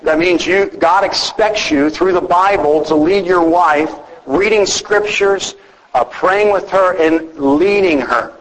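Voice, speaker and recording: Man preaching in a slightly high voice. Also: takes it slowly, in a large hall, low-quality recording. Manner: conversational preaching with personal stories. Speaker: pastor. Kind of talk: sermon.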